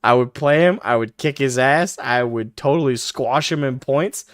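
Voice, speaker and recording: A man's voice: mid-range voice, moderate pace, no room sound, clean studio sound. A male live-stream host reacting to a clip, profane and mocking, laughing often as he talks.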